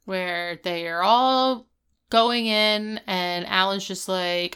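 Woman co-host, casual recap chat, smooth clear voice, animated. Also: medium pitch, slow. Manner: animated, quotes characters in little voices. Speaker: podcast co-host.

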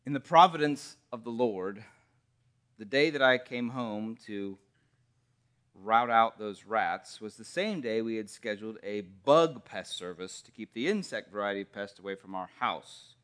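A man's voice: fairly low pitch, lively intonation, measured pace, fairly bright tone, clear, resonant tone. A man preaching a sermon in an earnest, emphatic way, telling vivid stories.

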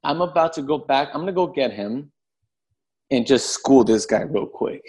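A man, a podcast guest who tells a story in a casual, animated way, swearing freely and acting out the voices of the people in it. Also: medium pitch, normal speed, husky. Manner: animated, profane, acts out voices in his story.

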